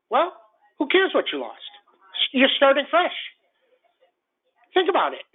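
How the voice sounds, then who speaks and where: A man's voice: very high-pitched, huge pitch swings, measured pace, pauses often. A man hosting a morning trading call, ranting bluntly and profanely, often stumbling and repeating himself. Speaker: trading show host. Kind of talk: morning market commentary. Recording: narrow phone-like audio.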